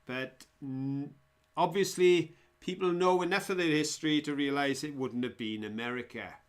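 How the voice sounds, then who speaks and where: A man's voice: a little high, moderate pace. A man hosting a live online quiz, chatty and jokey as he reads out viewers' answers. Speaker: quiz host.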